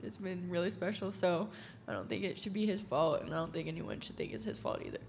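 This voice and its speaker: A young woman, a college basketball player, answering press questions in an earnest, measured way. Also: fairly low pitch, animated, gravelly, darkish tone, slight background noise. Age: young adult. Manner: earnest, measured, defends her father. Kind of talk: postgame press conference answers.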